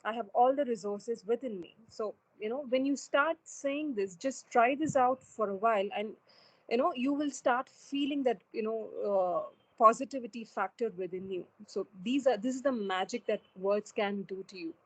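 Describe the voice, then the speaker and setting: A woman's voice: a little high, moderate pace, husky, low-quality recording. Earnest woman giving a webinar talk. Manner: earnest, many fillers and restarts. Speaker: webinar speaker. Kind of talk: online webinar talk on goal setting. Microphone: video call.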